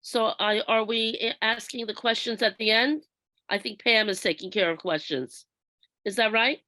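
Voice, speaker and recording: A woman leading a workshop, explaining step by step in a measured way and acting out workplace examples. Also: fairly high pitch, bright, forceful tone, no echo. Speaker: workshop trainer. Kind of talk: instructional presentation.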